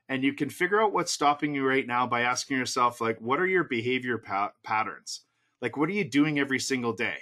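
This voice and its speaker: A man's voice: medium pitch, animated, a little fast, pushed and bright. A middle-aged man, a real estate coach, giving a motivational webinar talk full of repeated rhetorical questions and short punchy lines.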